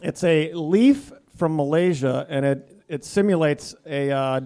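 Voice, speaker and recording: Rambling self-mocking American comedian. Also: male voice, a little high, measured pace, dark tone. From United States. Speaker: guest comedian. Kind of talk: casual comedy banter. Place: radio studio.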